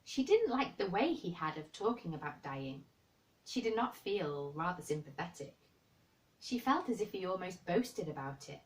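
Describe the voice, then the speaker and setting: A woman reading a children's novel aloud in a gentle storybook manner. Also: on the low side, very animated, moderate pace, distant mic, poor audio.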